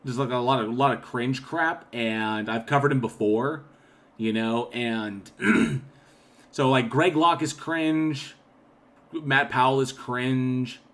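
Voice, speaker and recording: A man hosting a casual livestream, reading chat comments aloud and rambling with frequent throat clearing and restarts. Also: mid-range voice, takes it slowly, a bit bright. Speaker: channel host.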